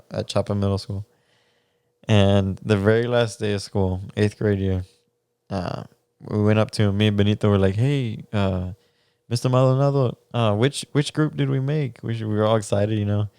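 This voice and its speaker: A man's voice: lowish voice, darkish tone, smooth, no room sound. A young man, co-hosting a podcast and telling a story in casual chat, laughing often and swearing casually. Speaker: podcast co-host.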